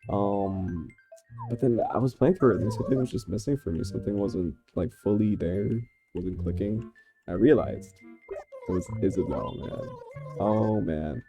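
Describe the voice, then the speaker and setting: A woman casually rambling through a gameplay commentary, chatty and quick to laugh at herself. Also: a bass voice. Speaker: gaming vlogger. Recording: game music behind.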